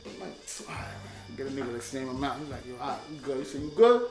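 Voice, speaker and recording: A man telling stories in a casual conversation, animated and laughing as he acts out quotes. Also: medium pitch, fast. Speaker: guest. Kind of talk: casual storytelling. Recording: echoey room with loud music.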